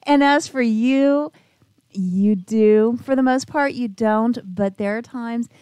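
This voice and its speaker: A woman's voice: a little high, slow, mellow, smooth, dry recording. A woman co-hosting a casual podcast chat, teasing and chatty as she talks. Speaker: co-host. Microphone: dry podcast mic, turned away from camera.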